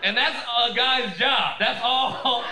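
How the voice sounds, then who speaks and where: A man in his thirties doing an animated, profane stand-up set on a club stage, acting out other people's voices as he goes. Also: very high voice, slow pace. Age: 30s. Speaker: stand-up comedian. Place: comedy club stage with a laughing audience. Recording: live club recording with audible room noise.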